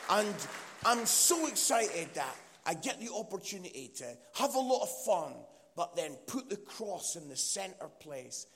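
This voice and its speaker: Speaking in a high, sharp, very animated voice at a measured pace, a Scottish man from Edinburgh delivers a teasing, joke-filled sermon as a guest preacher and comedian, full of fillers. The church hall adds a long reverb to the recording.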